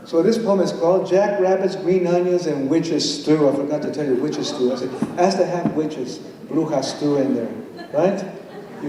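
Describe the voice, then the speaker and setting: A man's voice: a little high, background noise. An older man reading his poems to an audience in a playful way, mixing English and Spanish and calling on the crowd to join in. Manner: playful, switches between English and Spanish, reads with bursts of excitement. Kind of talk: live poetry reading with audience call-and-response. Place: large hall at a college event. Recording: echoey hall from far off, audience ambience.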